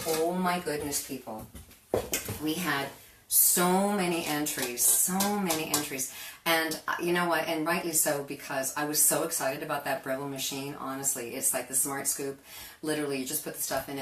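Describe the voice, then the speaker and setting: A woman hosting a live cooking show from her kitchen, chatting in a rambling way and laughing often. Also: low-pitched. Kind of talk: casual live-stream chat. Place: home kitchen. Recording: roomy kitchen, mic far off, noisy.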